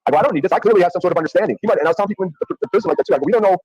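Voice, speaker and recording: A man talking fast and swearing a lot as he tells a story, acting out what people said. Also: sits high, a little mellow, husky, no echo, highs cut off. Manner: rapid, profane, acts out quotes. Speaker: guest telling a story. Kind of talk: casual chat, storytelling.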